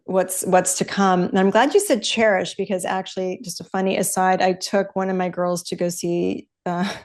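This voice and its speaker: A woman's voice: lowish voice, fairly even intonation, normal speed, a little mellow. A middle-aged woman hosting a podcast, chatting casually in an upbeat, candid way that drifts into swearing. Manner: chatty, upbeat, loose with profanity. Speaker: podcast host.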